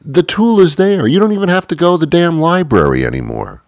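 A man's voice: medium pitch, wildly swooping pitch, fast, hardly any pauses, no echo, clean studio sound. A man doing a rambling, sarcastic comedic monologue, putting on other people's voices as he tells it.

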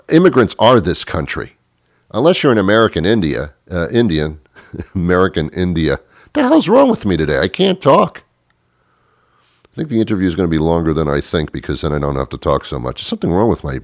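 A man's voice: sits low, dry recording, studio quality. A male radio host delivering a comic monologue, rambling and stammering and poking fun at himself. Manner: rambling, stammering, self-mocking. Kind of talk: comedic talk radio monologue.

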